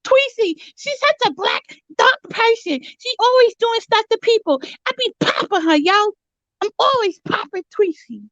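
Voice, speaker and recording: A woman's voice: very high-pitched, lively intonation, a little slow, a bit bright, dry recording, full character voice. A woman playing a brash, foul-mouthed Philadelphia woman. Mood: defensive. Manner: crude, combative, boastful. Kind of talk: comedic mock interview. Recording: dull lo-fi recording.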